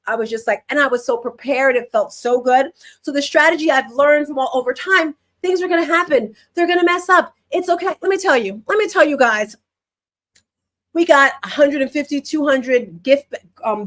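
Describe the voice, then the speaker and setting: A middle-aged woman hosts a live-streamed workshop, and her voice sits high. She talks in a chatty, lively way. She asks herself questions and answers them as she goes. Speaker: author and workshop host.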